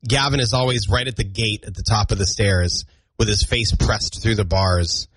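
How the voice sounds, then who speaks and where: A man's voice: on the low side, steady tone, normal speed, fairly bright tone, husky, dry recording. A man hosting a morning radio show, chatting casually and telling self-deprecating family stories, a bit congested from allergies. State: congested from allergies, clearing throat. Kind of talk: casual on-air banter. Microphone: studio broadcast mic.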